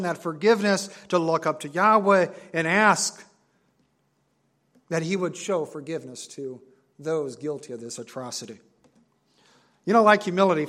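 A man preaching a sermon to his assembly, earnest and emphatic, repeating key phrases and slowing down on stressed words. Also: a little high, a bit bright. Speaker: pastor.

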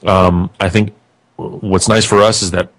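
A man's voice: sits low, flat delivery, unhurried, a bit bright, no echo. A man who hosts a podcast, talking casually and thoughtfully as a guest, often restarting his phrases while he works out an answer. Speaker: podcast host being interviewed. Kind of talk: casual conversation.

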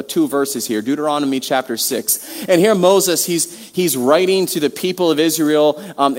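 Guy preaching, slightly high voice, chatty w lots of questions, long echo in a big hall. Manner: conversational, many restarts and rhetorical questions. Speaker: pastor. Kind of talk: sermon.

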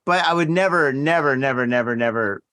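A man's voice: medium pitch, a little fast, sharp tone, no echo, studio quality. Brief: profane, rambling male podcast host. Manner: heavily profane, rambling and emphatic. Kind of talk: casual drinking podcast chat.

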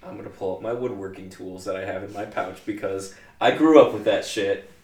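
A man playing a tabletop game, relaxed and hesitant as he describes his actions. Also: fairly low pitch, a little fast, distant mic. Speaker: player. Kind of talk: casual tabletop play. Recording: echoey, off-mic.

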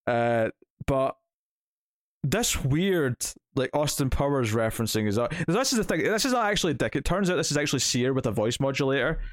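A man's voice: medium pitch, big pitch swings, brisk, dry recording, clean studio sound. A man in his thirties chatting casually about a comic issue, rambling with many restarts and fillers. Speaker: comic book podcast host. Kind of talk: casual chat reviewing a comic.

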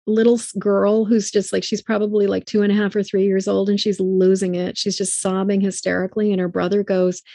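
A woman's voice: mid-range voice, warm tone, no room sound, studio quality. A woman hosting a casual conversation, chatty and telling stories. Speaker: podcast host.

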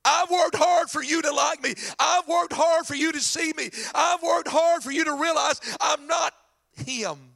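Sermon retelling: a man playing a bitter older son, shouting, high and raspy. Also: a little slow, heavily acted. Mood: shouting hurt. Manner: shouting complaints. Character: resentful older son, young man, indignant.

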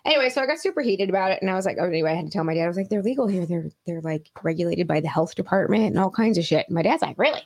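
A woman's voice: lowish voice, lively intonation, rapid-fire, hardly any pauses, darkish tone. A middle-aged woman from New York, a co-host in casual chat, blunt and heated, swearing freely as she rants.

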